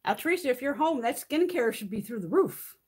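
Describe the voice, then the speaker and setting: A chatty middle-aged woman hosting a livestream, talking off the cuff and swearing freely as she tells a story. Her voice sits a little high and has a husky edge. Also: lively intonation, brisk, darkish tone. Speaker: beauty livestream host. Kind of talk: casual livestream chat.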